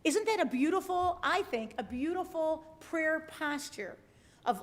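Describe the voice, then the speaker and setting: A woman's voice: sits high, animated, unhurried. A woman pastor giving a conversational sermon to an online congregation, often checking in with her listeners. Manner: conversational, asks the listeners with frequent tag questions. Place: church livestream.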